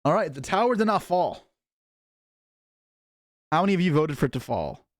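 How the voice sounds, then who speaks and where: A man's voice: fairly high pitch, sing-song, dry recording, clean studio sound. Chatty young man opening cards live. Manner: chatty, reacting to chat, quick asides. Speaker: streamer. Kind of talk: casual live-stream card opening.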